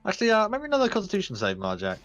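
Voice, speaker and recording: A man's voice: high voice, huge pitch swings, rapid-fire, fairly bright tone, soft background music. A man, running a tabletop game in a chatty, joking way and often stumbling over his words. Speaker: game master.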